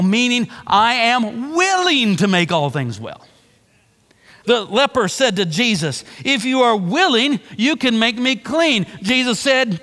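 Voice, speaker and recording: A man's voice: sits high, bright, forceful tone, long reverb tail. A man preaching a sermon, with earnest, repeated emphasis and a preacher's cadence. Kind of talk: sermon-style teaching on a book.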